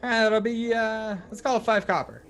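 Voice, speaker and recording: A man's voice: sits high, steady tone, normal speed, fairly bright tone, pitched above the performer's own voice. A man voicing a tiny female gnome bartender who talks in a chirpy, offhand way.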